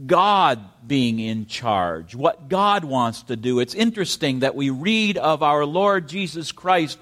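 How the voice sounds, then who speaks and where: A man preaching a sermon in church, with emphatic questions and dramatic rises in pitch. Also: a bit bright. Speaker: pastor.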